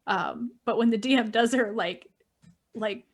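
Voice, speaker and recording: A woman's voice: a little high, measured pace, slight background noise. A woman guest in a casual panel chat, wry and matter-of-fact. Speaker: guest writer.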